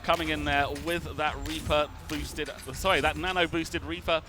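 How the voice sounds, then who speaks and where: A man's voice: a little high, moderate pace, over music. Chatty male color commentator. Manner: chatty, laughs easily, animated recaps.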